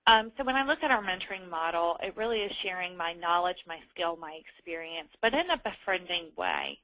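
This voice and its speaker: A woman in human resources talks through a webinar in a loose, conversational way. Her voice is bright and clear, recorded dry and close. She fills her pauses with ums and often restarts a phrase. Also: lowish voice, sing-song, dry recording, rough recording. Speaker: HR manager presenting a webinar.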